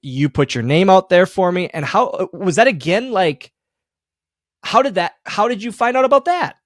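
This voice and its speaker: A man hosting a podcast, chatting casually and laughing through his stories. His voice sits a little high and swings up when he gets excited. The sound is dry and close. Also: normal speed, no echo. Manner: animated storyteller, laughs often. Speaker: podcast host. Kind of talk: casual interview chat.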